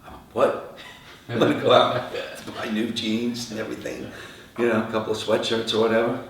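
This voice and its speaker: Deep-voiced man telling stories, echoey room. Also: brisk. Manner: animated anecdotes, acting out quoted dialogue. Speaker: rock singer, interview guest. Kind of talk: storytelling interview answers. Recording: echoey room, from far off, faint noise.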